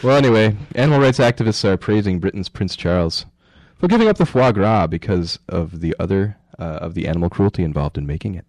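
A man's voice: low voice, expressive, fast, hardly any pauses, darkish tone, dry recording. A man co-hosting a radio show, joking and laughing as he reads out news stories. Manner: jokey, laughs often, reads news items aloud. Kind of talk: casual radio banter.

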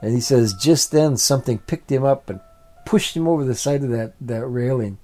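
A man's voice: mid-range voice, normal speed, dark tone, soft background music. A man telling a family story aloud in a plain, repetitive storytelling way. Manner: repetitive, building phrases. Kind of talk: oral storytelling.

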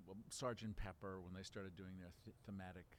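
Man in his seventies, from Baltimore, deep voice, rambling interview talk, fillers and restarts. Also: fairly even intonation, fairly quick, a little hiss or hum. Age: 70s. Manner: rambling, many restarts and fillers, laughs while telling. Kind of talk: relaxed reminiscing interview.

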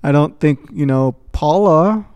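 A man's voice: fairly high pitch, a little slow, a little mellow, smooth, no room sound. A man co-hosting a podcast in casual chat, joking and self-deprecating. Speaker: podcast co-host.

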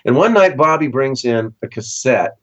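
A lively man from Southern California spins stories as an interview guest, his pitch jumping high whenever he acts out what people said. The audio is dull and lo-fi. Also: normal speed. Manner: animated storyteller, acts out quoted voices with big pitch jumps. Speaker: session musician guest. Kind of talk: casual storytelling interview.

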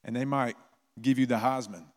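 A man's voice: mid-range voice, steady tone, normal speed, a little mellow. A man preaching a sermon as a pastor, telling stories in a conversational way. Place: church. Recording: long reverb of a church hall.

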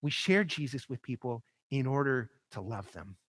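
A pastor preaching a sermon, building to emphatic peaks and dropping soft and low, with repeated rhetorical phrases. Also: male voice, animated, normal speed, breathy edge, dry recording.

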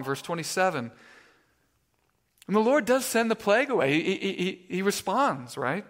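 A man preaching a sermon in a conversational way, often stumbling over and repeating his words, and telling stories with animated energy. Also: sits high, moderate pace, long reverb tail. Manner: conversational, stammering restarts, animated storytelling. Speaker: pastor. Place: church sanctuary.

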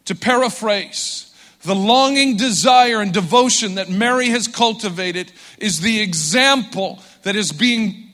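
A man preaching a sermon, moving between hushed, intimate passages and rising, fervent emphasis. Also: high-pitched, unhurried. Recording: long hall reverb.

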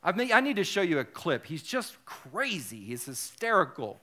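A male pastor giving a sermon, animated and joking, with self-deprecating asides. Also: fairly high pitch, normal speed.

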